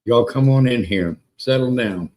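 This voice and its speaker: A man hosts a casual livestream from a home setup, cursing freely and hyping things up. He greets chatters by name, repeats words for emphasis, and talks at an ordinary middle pitch. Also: measured pace, warm tone, rough recording. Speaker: livestream host. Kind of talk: casual live-stream chat with viewers.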